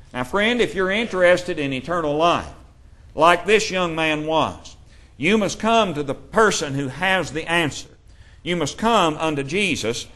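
Guy preaching a sermon, kinda high voice, reads the verses slow and steady. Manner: measured preaching, reads scripture aloud.

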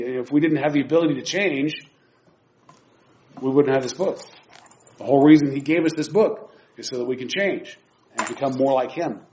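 A man teaching a Bible class preaches an informal sermon from a church pulpit, reading scripture and chatting in a self-mocking way. He's chatty, laughs at himself and restarts phrases. His voice is mid-range with a darkish tone, and the recording is dull and lo-fi with slight background noise.

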